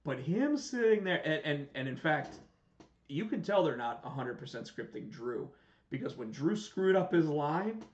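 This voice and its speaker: A man co-hosting a casual live-stream chat show, talking excitedly with many restarts and a rambling flow. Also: on the high side, normal speed. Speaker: show co-host. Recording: echoey room, dull lo-fi sound.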